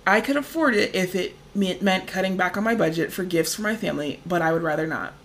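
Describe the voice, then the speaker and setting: A woman's voice: lowish voice, fast talker, slight background noise. A woman co-hosting a podcast in casual chat, talking loosely with lots of fillers and easy laughs. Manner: chatty, many "like" fillers, laughs easily. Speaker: podcast co-host.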